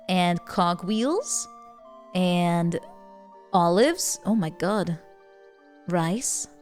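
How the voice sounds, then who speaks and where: A woman streaming a strategy game, chatting playfully and reacting animatedly, often repeating words as she stammers and laughing between remarks. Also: fairly low pitch. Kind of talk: casual live game-stream chat.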